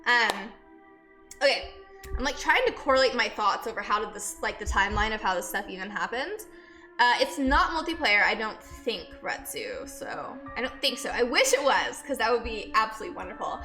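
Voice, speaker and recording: Breathless, under-the-weather woman streamer. Bright, rambling, chatty storyteller. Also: a little high, big pitch swings, moderate pace. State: sick and out of breath. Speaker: streamer and nurse. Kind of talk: casual chat with live viewers. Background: faint music.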